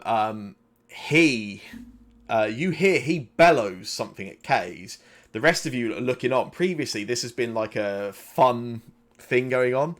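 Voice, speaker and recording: Laid-back man running a tabletop game. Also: mid-range voice. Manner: relaxed, many fillers, drawn-out descriptions. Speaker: game master.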